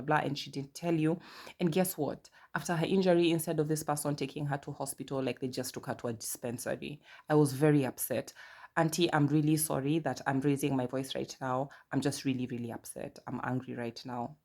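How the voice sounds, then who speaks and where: A woman from Kenya with a Kenyan accent, in her thirties, hosting a casual podcast and telling stories with lively asides. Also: deep voice. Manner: chatty, animated storytelling with asides and quoted dialogue. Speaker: podcast host. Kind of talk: casual personal monologue.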